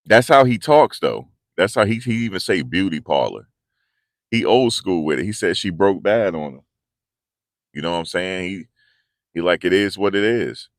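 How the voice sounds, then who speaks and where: A man's voice: deep voice, lively intonation, normal speed, pauses often, no echo, clean studio sound. A man hosting a casual commentary video, talking in a loose, slangy, repetitive way. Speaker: commentary channel host.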